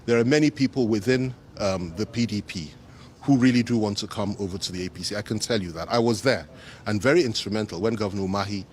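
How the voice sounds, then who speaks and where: A Nigerian politician, a man, answering reporters in a measured, emphatic way and repeating his key phrases. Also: fairly low pitch, slight background noise. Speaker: politician speaking to the press. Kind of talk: press statement answering reporters.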